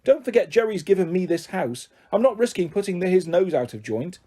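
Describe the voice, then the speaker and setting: A brisk, self-centred middle-aged aunt, put on by a male reader, who chatters and brushes others off. She sounds a little high and soft-edged. She is bossy and never stops talking. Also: lively intonation. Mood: dismissive.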